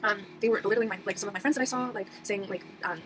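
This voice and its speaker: Young woman, casual rambling storyteller, very rapid delivery, noisy recording. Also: medium pitch. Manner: rambling, fast, full of fillers and restarts. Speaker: vlogger. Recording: audible background noise.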